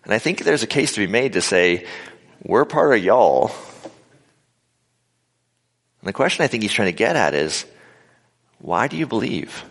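With a husky, slightly bright voice pitched lowish, a man preaches in a sing-song rhythm at normal speed, pausing often. His sermon is informal and conversational, full of acted-out quotes and funny asides, recorded live before an audience in a large, reverberant hall.

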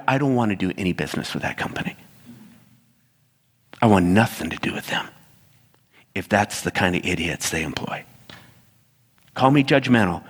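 A man preaching a sermon as a pastor, telling stories and putting animated asides to his congregation. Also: mid-range voice, slightly rough, big-room sound.

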